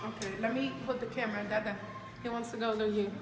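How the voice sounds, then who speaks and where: A woman's voice: on the high side, steady tone, fast, echoey room, in a large hall, far from the mic. A young woman vlogging at home in a casual chat, laughing often and using doting baby talk with a small child.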